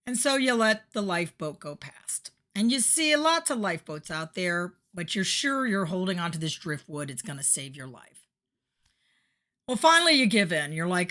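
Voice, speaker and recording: A woman's voice: medium pitch, expressive, moderate pace, fairly bright tone. A woman hosting a podcast, giving a motivational monologue and acting out the voices in her story. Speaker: podcast host. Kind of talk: motivational monologue on addiction recovery.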